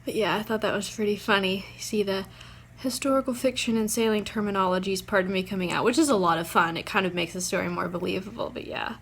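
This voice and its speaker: A woman's voice: medium pitch, steady tone, fast, slight background noise. A young woman, chatting casually in a writing vlog, rambling with lots of fillers. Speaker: vlogger.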